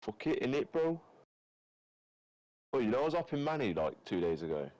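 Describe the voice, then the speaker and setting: A man streaming and bantering with friends over voice chat, loud, crude and full of teasing slang. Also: medium pitch, very animated, normal speed, dry recording, poor audio.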